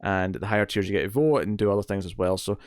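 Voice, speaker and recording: A man's voice: fairly low pitch, rapid-fire, clean tone, no room sound. Rambling male podcast host, dry sound. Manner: rambling, filler-heavy, jokey. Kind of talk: casual podcast chat.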